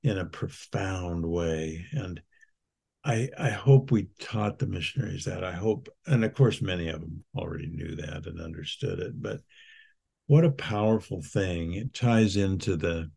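A man's voice: deep voice, a little slow, creaky, dark tone, slightly rough. An older man co-hosting a podcast, talking in an earnest, reflective way with frequent restarts. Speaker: podcast co-host. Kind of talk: casual reflective chat.

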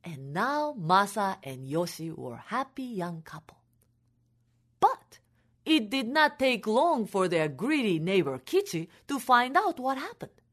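A woman telling a folk tale for families in an expressive, animated way. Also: mid-range voice, unhurried. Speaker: storyteller.

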